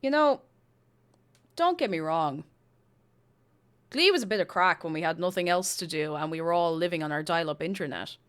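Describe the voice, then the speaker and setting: A young adult woman chatting casually on a live stream. She talks to her viewers in an animated way, stops and restarts her sentences, and stays close to her desk mic. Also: fairly low pitch, normal speed, long pauses, clear, resonant tone. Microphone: desk microphone.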